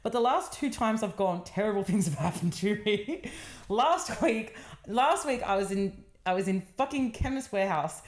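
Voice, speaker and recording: A woman's voice: medium pitch, expressive, moderate pace. A woman telling a rambling story in casual chat, swearing and acting out what others said. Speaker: podcast co-host. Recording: roomy echo.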